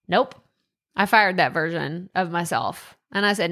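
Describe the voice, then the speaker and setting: A woman's voice: fairly low pitch, measured pace, bright, forceful tone. A young adult woman with a Texan accent hosting a solo podcast, chatty and self-deprecating, often laughing at herself. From Texas. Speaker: podcast host.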